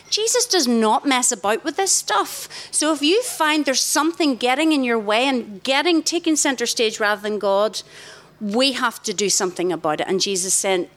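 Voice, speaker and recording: A middle-aged woman, giving an animated talk to young people in a festival tent and questioning the crowd directly. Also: sits high, normal speed. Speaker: youth event speaker. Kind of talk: interactive talk to a young audience. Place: large festival tent, live audience.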